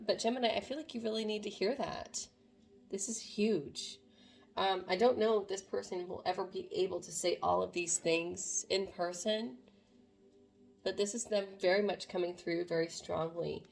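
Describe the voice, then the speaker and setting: A woman's voice: medium pitch, gravelly. A woman doing a casual tarot reading to camera, talking to viewers in an earnest, meandering way. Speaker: tarot reader.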